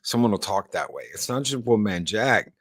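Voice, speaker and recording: Forceful, bright-voiced man talking emphatically. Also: fairly low pitch, moderate pace, no echo. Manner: emphatic, animated storyteller. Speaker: co-host. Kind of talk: casual livestream chat.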